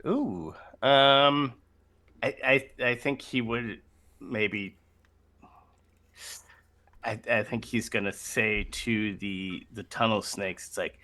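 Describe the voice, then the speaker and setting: A man's voice: on the low side, slow, pauses often, sharp tone. A man playing in a tabletop game, thinking aloud with hesitant, stammering restarts. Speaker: player. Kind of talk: casual tabletop play.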